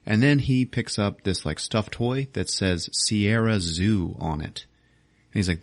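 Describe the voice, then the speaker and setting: Guy on a podcast retelling a movie, swears a lot, lowish voice, dry close mic. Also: a little slow, dry recording. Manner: profane, animated retelling with goofy character voices. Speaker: podcast host. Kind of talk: casual movie recap.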